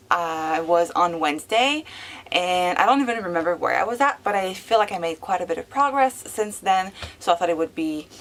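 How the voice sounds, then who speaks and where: A woman chatting casually in a reading vlog, excitable and gushing, filling her talk with "like" and the odd swear word. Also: mid-range voice. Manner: excitable, gushing, heavy use of "like" fillers. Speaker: book vlogger.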